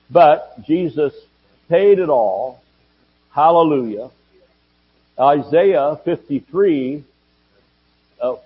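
A husky-voiced man preaches a sermon, asking question after question and throwing in jokes and calls of amen. The audio is dull and lo-fi. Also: medium pitch. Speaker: pastor.

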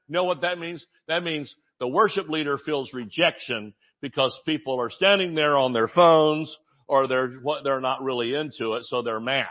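A man preaching a sermon as a pastor, animated, with shouted exclamations and joking asides. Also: mid-range voice, dull audio.

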